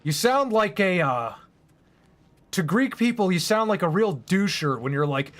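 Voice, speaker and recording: Gaming YouTuber, male, high voice, goofy sarcastic rants with sudden yelling. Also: big pitch swings, a little slow. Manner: rambling, sarcastic, bursts of yelling at the game. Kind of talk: casual let's-play commentary.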